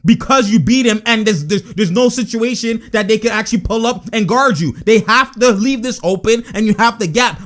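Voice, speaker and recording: A young man giving excitable, slangy basketball reaction commentary and laughing often. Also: sits high. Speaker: sports vlogger.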